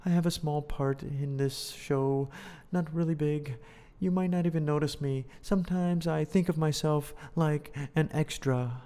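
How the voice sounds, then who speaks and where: A man's voice: a little high, fairly even intonation, measured pace, mellow, clear, resonant tone, natural voice. A man voicing a humble minor nobleman who downplays himself. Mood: modest. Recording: reverberant room.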